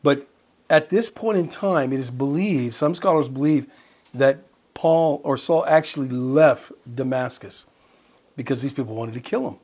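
Husky-voiced pastor preaching conversationally. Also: male voice, medium pitch, moderate pace, darkish tone. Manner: conversational, storytelling with quoted dialogue and laughs. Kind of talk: sermon.

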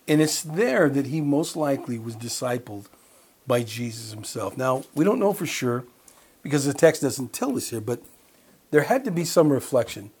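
A middle-aged man preaching a sermon, his voice a little husky and breathy, sitting in a middle pitch. He moves between reading verses and telling personal stories, acting out bits of dialogue as he goes. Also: very animated, moderate pace, darkish tone. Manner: conversational, storytelling with quoted dialogue and laughs. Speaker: pastor.

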